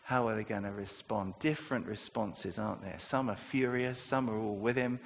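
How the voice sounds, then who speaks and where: A man's voice: on the low side, moderate pace, vocal fry, in a large hall, slight background noise. A man preaching a sermon in a conversational way, asking his listeners rhetorical questions.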